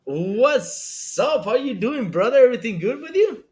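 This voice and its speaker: A man's voice: very high voice, very animated, unhurried, darkish tone. A man hosting a casual gaming podcast, joking around and calling everyone brother. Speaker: podcast host.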